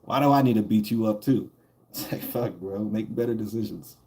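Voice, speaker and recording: A man's voice: on the low side, fairly quick, darkish tone. Rambling, chuckling male streamer. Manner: rambling, profane, chuckles often. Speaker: gaming streamer. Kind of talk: casual storytelling while streaming.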